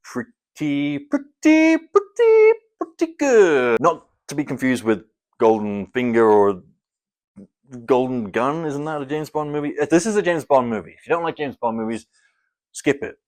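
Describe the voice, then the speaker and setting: A young man with a mid-pitched, ordinary voice rambles casually through a movie-ranking vlog. He wanders between thoughts, then punches the countdown numbers with mock-dramatic flair. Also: moderate pace, darkish tone. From Scotland. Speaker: film reviewer.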